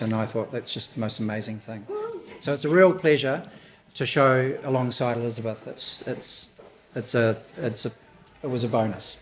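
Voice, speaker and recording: A man's voice: mid-range voice, a little hiss or hum. Nervous, emotional man giving a gallery speech. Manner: nervous and halting, with restarts and soft laughs. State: emotional, a little hoarse. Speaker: exhibiting artist. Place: indoor gallery opening.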